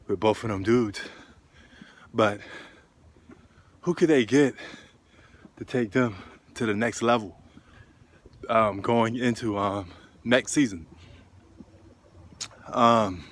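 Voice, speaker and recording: A man's voice: lowish voice, slow pace, long pauses. A man talking basketball while walking uphill outdoors, a little out of breath and rambling with lots of ums. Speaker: sports vlogger. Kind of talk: casual walking vlog.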